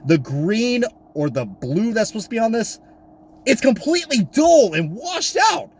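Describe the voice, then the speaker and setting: A man ranting loudly on camera about diecast cars, swearing and swinging from high exasperated shouts down to low mutters. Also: very animated, normal speed, breathy edge. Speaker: diecast collector vlogger. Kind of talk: profane comedic rant. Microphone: camera mic.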